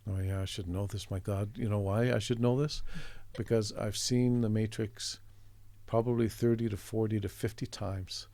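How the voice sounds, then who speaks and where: A middle-aged man from Canada, an artist guest telling a story in a chatty, relaxed way, acting out the voices of the people in it. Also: lowish voice, moderate pace, no room sound. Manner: chatty, acts out quoted voices, chuckles often.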